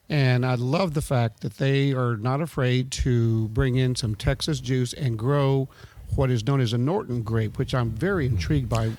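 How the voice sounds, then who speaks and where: A man co-hosting a wine podcast who sounds well informed about grapes. He speaks in a measured way and is plainly enthusiastic. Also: medium pitch, darkish tone. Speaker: podcast co-host, wine expert. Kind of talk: casual chat. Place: at a winery.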